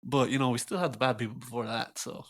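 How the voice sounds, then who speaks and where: A man's voice: medium pitch, fairly even intonation, fast talker, fairly bright tone. A man co-hosting a podcast in casual chat, laughing often and throwing in sarcastic asides. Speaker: podcast co-host.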